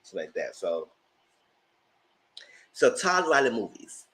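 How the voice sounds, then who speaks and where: A man casually recapping a reality show episode with a co-host, lively and often laughing. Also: takes it slowly. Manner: animated, laughs a lot, acts out quotes in a high voice. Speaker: show reviewer. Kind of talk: casual live recap chat.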